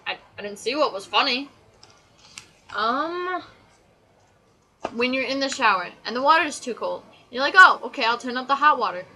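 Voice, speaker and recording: A teenage girl vlogs a casual, sarcastic rant listing her pet peeves, chatty and exasperated. Her voice sits high and sounds pushed and bright, and the recording is rough.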